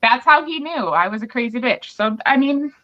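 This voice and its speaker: Chatty pregnant woman, bright voice. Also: a little high, expressive, moderate pace. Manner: candid, chatty storyteller acting out both sides of a quarrel. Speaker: podcast host. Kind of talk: casual chat. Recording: muffled lo-fi recording.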